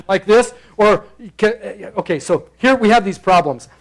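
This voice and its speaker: Male pastor, high voice, playful sermon delivery that slips into character voices. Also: moderate pace, hardly any pauses, low-quality recording. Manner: playful, acts out the characters in bursts. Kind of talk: expository sermon. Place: church sanctuary.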